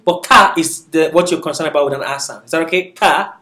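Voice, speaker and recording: A man's voice: fairly high pitch, fairly quick, bright, forceful tone. Patient male teacher in an echoey classroom. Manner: patient, often asks "is that okay?". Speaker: Arabic teacher. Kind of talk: classroom lecture.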